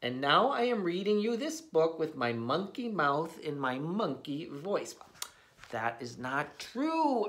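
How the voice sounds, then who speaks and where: A man's voice: on the high side, big pitch swings, slow pace, fairly bright tone. A man hosting a read-aloud of a children's book, playful and mock-exasperated at the silly words. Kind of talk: animated read-aloud for kids.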